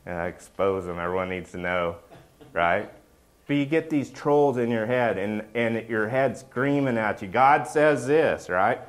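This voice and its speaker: A man's voice: on the low side, a little slow. A middle-aged man giving a casual, joking sermon as a pastor, often checking in with the congregation by asking "right?".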